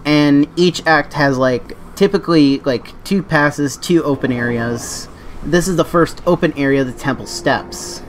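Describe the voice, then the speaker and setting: A man's voice: a little high, a little slow, a little hiss or hum. Rambling male game streamer. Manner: rambling, self-correcting, with many fillers. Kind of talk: casual live game commentary.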